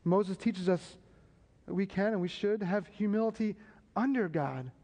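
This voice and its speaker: A man preaching a sermon, building emphasis and tossing quick asides to the congregation. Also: sits high, dark tone. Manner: preaching with rising emphasis and repeated call-and-response asides. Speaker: pastor. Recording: long hall reverb.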